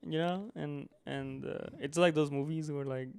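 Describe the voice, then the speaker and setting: An easygoing young man chats on a podcast with a fairly high voice that keeps breaking into gravelly fry. He laughs easily and drops in Spanish phrases, and the sound is close and dry. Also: fairly even intonation, normal speed, dry recording. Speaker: podcast co-host. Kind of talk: casual chat.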